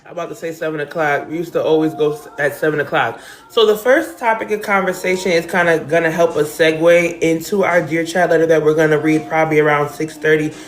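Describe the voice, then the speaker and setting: A woman from New Jersey runs a casual livestream at home among balloons and pictures, addressing viewers with raw, direct emotion. She talks fast in a deep voice, with a little hiss or hum on the audio.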